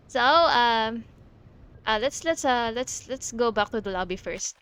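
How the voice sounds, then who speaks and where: A woman's voice: on the high side, lively intonation, measured pace, fairly bright tone, smooth. A woman streamer chatting casually over gameplay, gushing, with many fillers and giggles.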